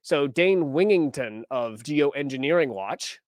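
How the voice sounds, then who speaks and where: Dry-sounding podcast host, wry and chatty. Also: male voice, medium pitch, expressive, a little slow, dry recording. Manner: conversational, wry, reads quotes aloud. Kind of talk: casual news commentary.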